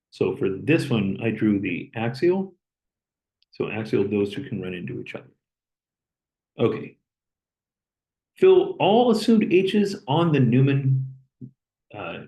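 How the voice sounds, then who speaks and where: A man lecturing, explaining step by step as he draws and pausing on an occasional "okay". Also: fairly low pitch, creaky, warm tone, low-quality recording. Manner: plain, step-by-step explaining with okays. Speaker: chemistry lecturer. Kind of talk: recorded lecture while drawing.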